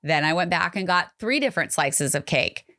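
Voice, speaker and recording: A woman's voice: fairly low pitch, lively intonation, moderate pace, sharp tone. A woman co-hosting a podcast, talking candidly and confidingly in casual chat. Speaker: podcast co-host.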